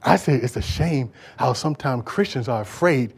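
A man's voice: medium pitch, lively intonation, normal speed, creaky, slight background noise. A man preaching a sermon in a church, emphatic and conversational, repeating words as he drives his points home. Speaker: pastor.

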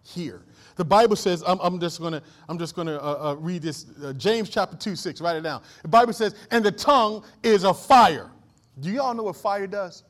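A man's voice: high voice, moderate pace, fairly bright tone. A man preaching a sermon as pastor, calling on the congregation to answer and building to emphatic declarations. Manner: call-and-response preaching, rising to emphatic declarations. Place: church.

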